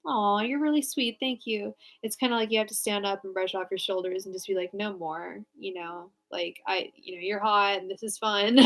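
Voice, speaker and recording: A woman's voice: mid-range voice, fairly bright tone. A young woman giving casual live tarot readings, answering viewers in a frank, chatty way with lots of fillers and restarts. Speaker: tarot reader.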